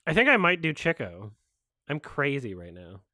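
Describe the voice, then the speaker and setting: A man's voice: medium pitch, very animated, moderate pace, no echo, clean studio sound. A man chatting casually while streaming a watch-along, rambling and swearing, and saying he is sick. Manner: rambling, swearing, laughs loudly.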